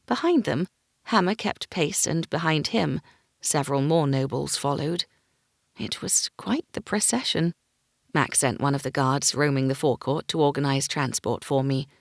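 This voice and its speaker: A woman's voice: sits low, dry recording, studio quality. A woman narrating a first-person fantasy audiobook, giving each character a voice.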